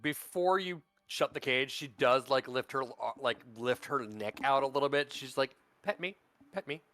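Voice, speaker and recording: Male game master, bright voice, rambling, filler-heavy narration. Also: medium pitch, moderate pace, no echo, soft background music.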